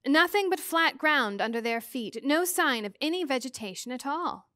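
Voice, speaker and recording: A woman teacher reading a novel aloud to students in a clear, expressive way. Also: high-pitched, moderate pace, no echo, clean studio sound. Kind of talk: storybook read-aloud.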